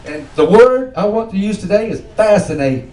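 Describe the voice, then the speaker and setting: A man's voice: high-pitched, lively intonation, normal speed, mellow, roomy sound, distant mic. A man voicing a prim female schoolteacher who corrects her pupils, in a joke told to a small group.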